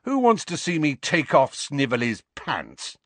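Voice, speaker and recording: A man's voice: on the high side, big pitch swings, measured pace, fairly bright tone, no echo, pitched above the performer's own voice, exaggerated voice. A man voicing an arrogant, cocky teenage boy in an audiobook, talking in a brash, taunting way. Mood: sulky, cocky. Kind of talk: audiobook character reading.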